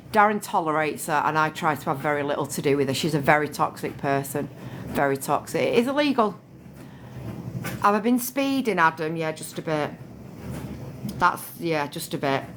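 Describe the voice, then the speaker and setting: A woman's voice: low-pitched, a little hiss or hum. Chatty woman on a phone stream. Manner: chatty, swears freely, repeats herself. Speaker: livestream host. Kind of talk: casual chat on a live stream.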